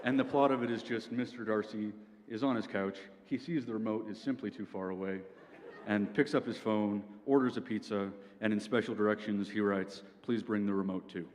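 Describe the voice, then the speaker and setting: This young man's stand-up set at a university venue has a dry, lecturing delivery and regular "okay?" asides. His voice is on the low side and a little mellow, with fairly even intonation at normal speed. There's slight background noise, long hall reverb, and faint ambience.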